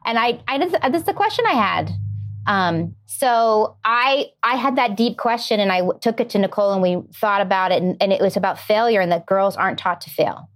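A woman's voice: medium pitch, animated, fairly quick. A middle-aged woman, a screenwriter, answering interview questions in an earnest way and explaining her ideas through everyday examples. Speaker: screenwriter guest.

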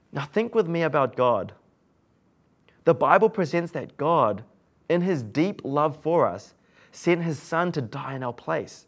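A man's voice: a little high, very animated, a little slow. A man, preaching an earnest sermon full of rhetorical questions to his listeners.

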